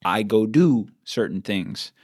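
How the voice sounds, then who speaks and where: A man co-hosting a podcast in casual chat, blunt and profane, ranting fast with lots of "like". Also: lowish voice, animated, creaky, a little mellow. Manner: fast rants with repeated "like". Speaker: podcast co-host.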